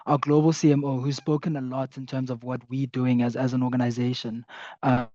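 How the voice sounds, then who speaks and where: Guy on a bad video call, muffled dry audio, hesitant and halting. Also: mid-range voice, flat delivery, dark tone, no room sound. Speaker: panelist. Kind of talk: panel discussion. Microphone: video call with bad connection.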